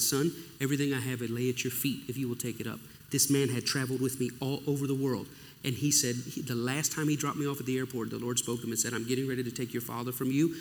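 Male pastor, middle-aged, medium pitch, emotional sermon storytelling, long hall reverb. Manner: emotional storytelling with acted-out dialogue. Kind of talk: sermon testimony. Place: church or conference hall.

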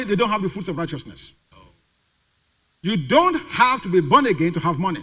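A man's voice: sits high, very animated, normal speed, pauses often, pushed and bright. A male pastor preaching a sermon to a congregation, putting questions to the crowd and having them call the answers back. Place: church sanctuary.

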